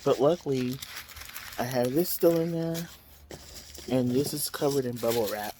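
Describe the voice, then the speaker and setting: A vlogger at home chats with his viewers storytime-style, tossing in dramatic exclamations and plenty of fillers while unboxing products. His voice is mellow and sits in an ordinary middle range, at normal speed. A faint hiss runs beneath the recording.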